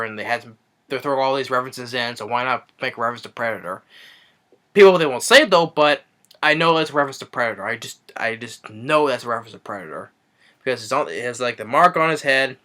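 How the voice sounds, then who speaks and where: A man with a bright, forward voice talks through a film's plot in a loose, casual review. He rambles eagerly, doubling back on words and piling up fillers as he recounts the scenes. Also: mid-range voice. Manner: rambling, eager retelling with many restarts and fillers. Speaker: movie reviewer. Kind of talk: casual spoken movie review.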